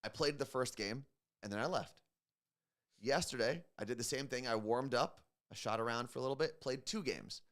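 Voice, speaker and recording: A man's voice: medium pitch, moderate pace. Rambling, casual male radio co-host. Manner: relaxed, rambling, many fillers. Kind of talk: casual morning show chat.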